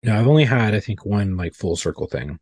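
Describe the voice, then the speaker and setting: A man's voice: on the low side, animated, fairly quick, darkish tone, husky, no room sound. A man, a podcast co-host and police officer, chatting in a laid-back, profane way. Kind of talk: casual chat.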